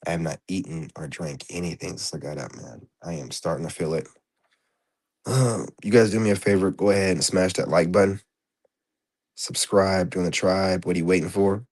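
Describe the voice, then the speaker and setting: A man's voice: low voice, darkish tone. A man ranting in a casual vlog monologue, blunt and profane, rambling with lots of fillers. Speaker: vlogger. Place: indoors.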